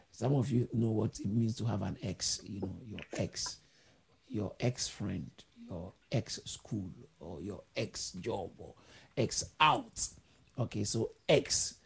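A man's voice: lowish voice, takes it slowly, gravelly. A man preaching a sermon, explaining word roots step by step in a teaching manner. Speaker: pastor.

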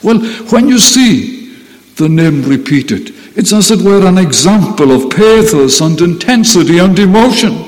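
A man delivers a sermon at an unhurried, measured pace, pressing his points through repetition. His voice sits high for a man and rings out in a large hall. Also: lively intonation. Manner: slow, deliberate preaching with emphatic repetition. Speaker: preacher.

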